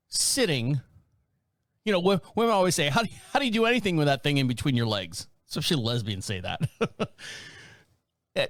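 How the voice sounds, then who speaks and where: A man's voice: on the high side, dry recording, studio quality. A man in his fifties hosting a podcast, telling comedic stories in a casual, rambling way and laughing often. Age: 50s. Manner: animated, laughs often, acts out voices. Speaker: podcast host. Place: small rural town.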